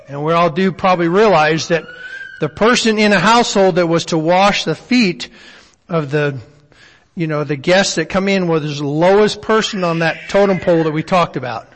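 A man with a somewhat high voice teaches a Bible study in an easy, conversational way. He keeps turning to his listeners with questions. His voice rings with the long reverb of a hall. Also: moderate pace, fairly bright tone.

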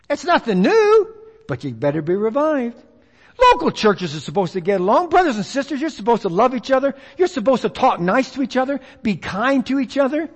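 High-voiced preacher in a reverberant church. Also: male voice, husky. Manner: emphatic, repetitive call-and-response preaching. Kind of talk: sermon.

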